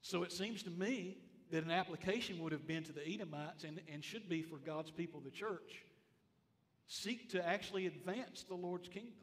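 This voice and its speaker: A man's voice: high voice, normal speed, long reverb tail. A man pastor preaching a sermon with emphatic repetition, asking his congregation questions as he works through the text. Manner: emphatic, repeats phrases, asks the congregation questions. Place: church sanctuary.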